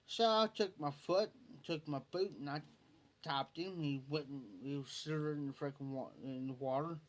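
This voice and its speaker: On a late-night stream, a male livestreamer from rural Ohio spins a folksy yarn, laughing as he tells it. His voice is fairly high and he speaks at normal speed.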